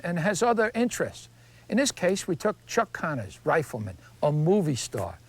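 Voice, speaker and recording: A man hosting an interview show. His voice sits a bit high, and he talks with an eager, conversational energy as he reacts to his guest and then signs off. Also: darkish tone, poor audio. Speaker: host. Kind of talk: interview and closing remarks.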